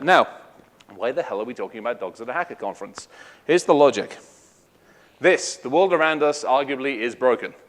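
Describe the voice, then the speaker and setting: Welsh guy doing a loose jokey conference talk, swears a lot, middle-aged. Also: medium pitch. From Wales. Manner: irreverent, joking, swears freely. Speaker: conference speaker.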